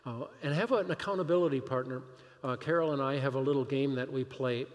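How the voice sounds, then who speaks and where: A pastor delivering a sermon, animated and emphatic, firing rhetorical questions at the congregation. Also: male voice, mid-range voice, brisk, big-room sound.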